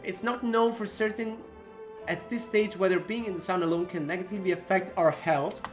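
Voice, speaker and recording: A man's voice: fairly even intonation, a little fast, soft background music, lightly acted. A man reading out a TV weather forecaster's lines while playing a game, in a raised newsreader voice. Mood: formal. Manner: bright newsreader delivery, pitched up. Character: male TV weather forecaster, calm and formal. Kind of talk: reading game dialogue aloud.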